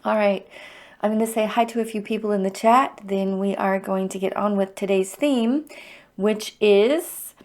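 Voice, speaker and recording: A middle-aged woman hosts a livestreamed EFT tapping circle, guiding the tapping in a heartfelt, openly emotional and encouraging way. Her voice is mid-range with a darkish tone.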